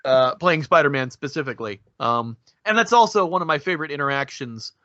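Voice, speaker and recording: A man's voice: fairly high pitch, expressive, a little fast, pushed and bright, no room sound, dull audio. A man co-hosting a podcast, talking films in an enthusiastic, analytical way. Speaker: podcast co-host. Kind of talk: casual podcast discussion.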